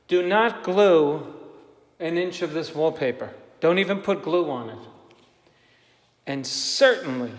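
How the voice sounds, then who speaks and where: A man who hangs wallpaper for a living, giving an emphatic, repetitive on-the-job tutorial in a room of a house. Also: a little high. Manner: emphatic, direct, repeats himself for emphasis. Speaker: wallpaper installer and painter. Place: room in a house being papered. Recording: echoey empty room with long reverb.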